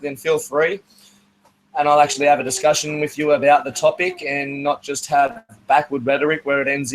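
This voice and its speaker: Slightly high, hesitant man hosting. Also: slight background noise, rough recording. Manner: measured, hesitant, many "uh" fillers. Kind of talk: inviting listeners to an online talk show.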